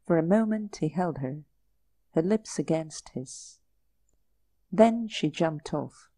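A woman narrates a story at a slow, measured pace. Her voice is mellow and warm, recorded close on a dry microphone with no room sound. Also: low voice, expressive, no echo. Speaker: audiobook narrator. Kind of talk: audiobook narration.

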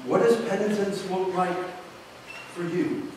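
A man preaching a sermon in a church, unhurried, with dramatic pauses and rhetorical questions. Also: high-pitched, fairly even intonation, a little mellow, slight background noise. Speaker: pastor. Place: church sanctuary. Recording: echoey hall from far off.

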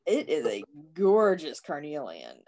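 A woman's voice: low voice, wildly swooping pitch, measured pace, warm tone. A woman in her forties co-hosting a casual chat, laughing often as she talks. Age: 40s. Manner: giggly, chatty. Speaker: co-host.

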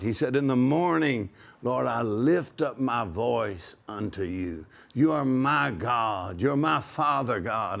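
A man preaching in a conversational way, emphatic, slowing down to quote scripture and laughing now and then. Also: mid-range voice, creaky, fairly bright tone.

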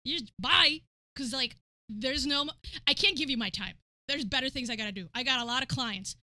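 A swaggering, boastful male banana scammer who talks in street slang, as a woman puts him on. The voice is high and very bright, recorded close and dry. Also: brisk, no room sound.

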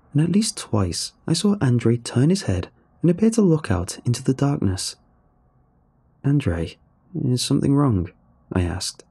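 Husky low-voiced male horror narrator. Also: dark tone.

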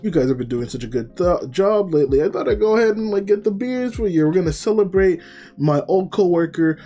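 A man's voice: on the high side, a little fast, mellow, husky, faint music behind. A man voicing a greedy, abusive male company boss who bullies his workers with contempt. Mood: fake cheerful. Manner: contemptuous and bullying.

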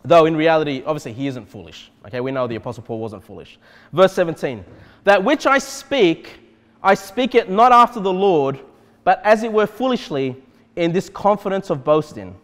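A male pastor preaching an expository sermon in an animated way, often checking in with the congregation. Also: on the high side, moderate pace, big-room sound. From Australia. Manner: animated, repeatedly checks in with "okay?". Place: church.

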